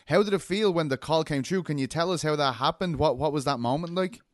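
A man hosting a casual interview, talking in a slightly higher register than most men. He chats and laughs easily, tripping over his words as he goes. The sound is dry and close. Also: fairly quick, dry recording. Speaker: interview host.

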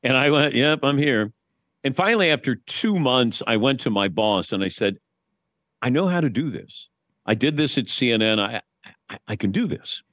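A man's voice: medium pitch, lively intonation, moderate pace, fairly bright tone, dry recording. Wry storytelling man on a dry studio mic. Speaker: guest sportscaster. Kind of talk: casual chat.

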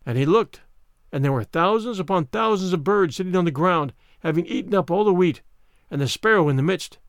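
A man reading fairy tales aloud in a measured, expressive storytelling manner. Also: sits high, dry recording, studio quality.

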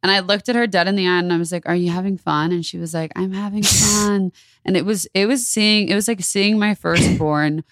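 Low-pitched young woman, dry close sound. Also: fairly quick, hardly any pauses, no room sound. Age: 20s. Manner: teasing, playful banter. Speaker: podcast co-host. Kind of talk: casual chat.

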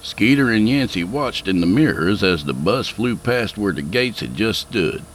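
A man's voice: on the low side, animated, normal speed, slight background noise. A man narrating a scripted story in a dry, folksy, humorous way. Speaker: narrator and host.

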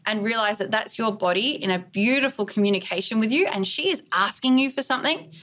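Brief: woman guest on an interview podcast, earnest and emphatic, medium pitch. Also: expressive, fast talker, fairly bright tone. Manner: earnest, emphatic, list-like delivery. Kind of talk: candid interview conversation.

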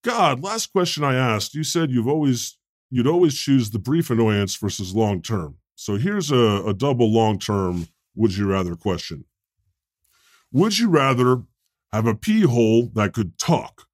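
Casting: a man as a chatty comedic God, very bouncy pitch, dry close sound. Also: unhurried, no room sound. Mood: joking. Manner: animated, joking storyteller. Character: God, a chatty, joking male deity. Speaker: podcast co-host. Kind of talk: comedic improv podcast.

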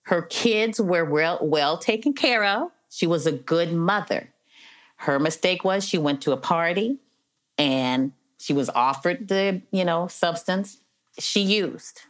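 Low-voiced earnest middle-aged woman. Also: takes it slowly. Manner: earnest, heartfelt, many "you know" fillers. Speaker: interview guest, probation officer. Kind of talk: conversational storytelling interview.

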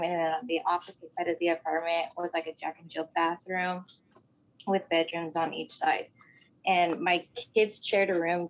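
A woman telling a personal story in casual talk, animated and often saying "like". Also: on the low side, muffled recording, slight background noise. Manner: animated, acts out voices in quotes, fills with "like".

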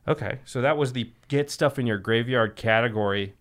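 A man's voice: medium pitch, normal speed, fairly bright tone. A man hosting a podcast, chatting casually and explaining card game rules step by step. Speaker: podcast host.

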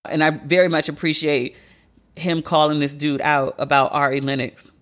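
A woman hosting a podcast, talking casually and bluntly with profanity, her pitch leaping up for emphasis. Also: fairly even intonation, moderate pace, a bit bright. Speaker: podcast host.

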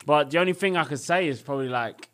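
A man's voice: a little high, quick pace. Laid-back man chatting. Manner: relaxed, reacts with short questions and laughs. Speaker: podcast guest. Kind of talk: casual podcast chat.

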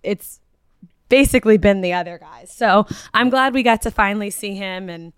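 Female podcast co-host, chatty and reflective, clear voice, dry close mic. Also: medium pitch, moderate pace, dry recording. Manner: chatty, thoughtful, many fillers. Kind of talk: casual recap chat.

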